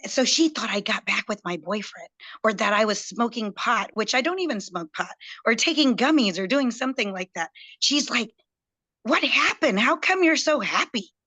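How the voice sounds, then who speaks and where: Bright, chatty woman telling her story. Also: medium pitch, moderate pace. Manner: chatty, excitable, acts out quoted dialogue. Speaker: guest. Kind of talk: animated personal storytelling.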